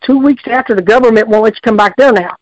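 A woman's voice: a little high, fast, no echo, lo-fi sound. A woman, calling in to tell a long story in a rambling, colloquial way with lots of restarts. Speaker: caller. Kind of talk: call-in storytelling.

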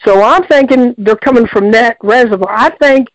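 A woman's voice: fairly high pitch, normal speed, no room sound, muffled recording. A woman, calling in to tell a long story in a rambling, colloquial way with lots of restarts. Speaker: caller. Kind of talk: call-in storytelling.

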